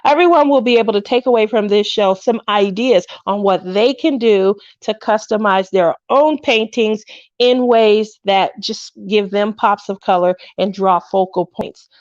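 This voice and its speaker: A woman's voice: on the high side, darkish tone, no room sound, highs cut off. Chatty woman hosting a craft livestream. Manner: chatty, greets viewers, laughs often. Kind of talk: casual livestream chat.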